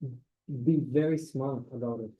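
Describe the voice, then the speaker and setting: A man's voice: mid-range voice, moderate pace, lo-fi sound. A man, a guest in an interview, speaking hesitantly and searching for words. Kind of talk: conversational interview.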